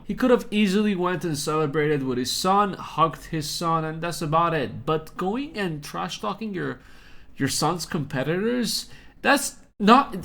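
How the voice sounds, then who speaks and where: A man's voice: sits high, fairly bright tone. Casual, crude young man commentating. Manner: joking, crude, conversational. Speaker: commentary YouTuber.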